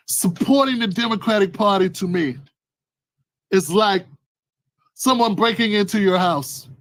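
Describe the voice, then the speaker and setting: Animated man ranting in a high voice. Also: slow pace, long pauses, dry recording, low-quality recording. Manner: animated, acts out scenes with loud exclamations. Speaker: political commentary vlogger. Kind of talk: ranting commentary vlog.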